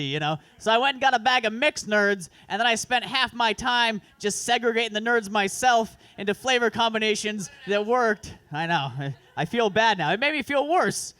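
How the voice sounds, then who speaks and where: High, bright-voiced man doing crude stand-up. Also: expressive, moderate pace, hardly any pauses, clean tone, dry recording. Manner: crude, self-deprecating, rambling asides. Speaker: stand-up comedian. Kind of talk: stand-up comedy set. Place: comedy club open mic.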